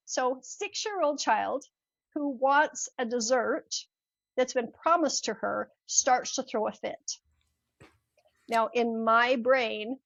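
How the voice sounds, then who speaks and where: A woman's voice: a little high, gravelly, no echo, muffled recording. An older woman, a mindset coach, telling a personal story in an interview and acting out the voices in it. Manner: animated, acts out voices in her stories. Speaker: podcast guest, mindset coach.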